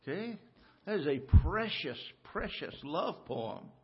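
A man's voice: fairly high pitch, sing-song, takes it slowly, husky. A man preaching a sermon from the pulpit in a folksy, joking way, often checking in with the congregation. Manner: folksy, joking, talks to the congregation with frequent "okay?". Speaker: pastor. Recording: muffled church audio recording.

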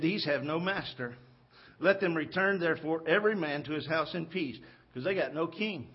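A man preaches from a church pulpit with a fairly high, husky voice. He tells the story in a lively way, acting out the lines of each character. The sermon audio sounds dull and lo-fi. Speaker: pastor. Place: church sanctuary.

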